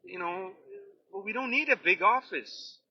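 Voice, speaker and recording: Man, steward type, campaign rant, high lively pitch, dull lo-fi sound. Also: measured pace, breathy edge. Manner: fired-up, blunt, slangy. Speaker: union steward running for local president. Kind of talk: ranting campaign talk.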